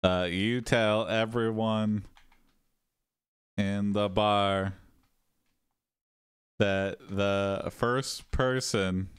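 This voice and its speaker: A man hosting an improvised AI adventure game, slowly dictating story actions in halting pieces. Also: lowish voice, fairly even intonation, clear, resonant tone, no room sound. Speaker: host typing story prompts. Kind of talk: improvised game play, casual.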